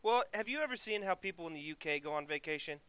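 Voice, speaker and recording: A man's voice: a little high, animated, fast, fairly bright tone, clear, resonant tone. A man in casual chat, setting up a comic story in a laid-back way, laughing mid-sentence and trailing off when he is unsure.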